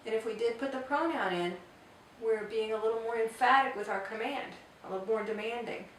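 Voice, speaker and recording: A woman teaching a grammar lesson, explaining step by step and repeating example phrases slowly. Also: a little high, a little hiss or hum. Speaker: Spanish teacher. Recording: echoey room, voice from far off.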